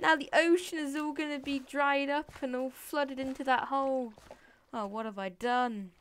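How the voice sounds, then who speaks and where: A woman chats her way through a game with playful commentary, talking to the animals she meets and slipping into whispered asides. Her voice sits a little high, and a faint hiss runs beneath it. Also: moderate pace, a bit bright. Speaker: Let's Play gamer. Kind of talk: casual gameplay commentary.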